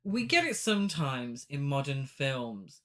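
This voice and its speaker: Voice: medium pitch, sing-song, unhurried, a bit bright. A podcast co-host chatting casually about an old film, enthusiastic and rambling, often trailing off mid-thought. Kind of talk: casual film-review chat.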